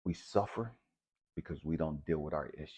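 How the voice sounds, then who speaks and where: Deep husky man, raw impassioned testimony. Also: fairly quick. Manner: raw and profane, swinging from hushed to loud. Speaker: speaker sharing a personal testimony.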